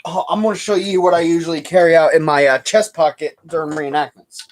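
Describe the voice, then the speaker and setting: A man's voice: a little high, steady tone, brisk. A young man hosting a casual livestream chat, rambling and laughing easily. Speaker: livestream host.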